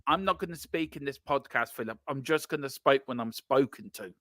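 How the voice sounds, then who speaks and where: A man's voice: mid-range voice, fairly quick, a bit bright, dry recording. Guy co-hosting a footy fan podcast, jokey, reading out comments, dry close sound. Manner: jokey, reads out listener comments. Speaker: podcast co-host. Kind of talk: casual fan podcast chat.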